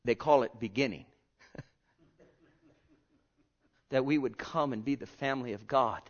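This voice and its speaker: A man preaching a sermon with passion, swinging from hushed, drawn-out words to loud cries. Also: medium pitch, lo-fi sound.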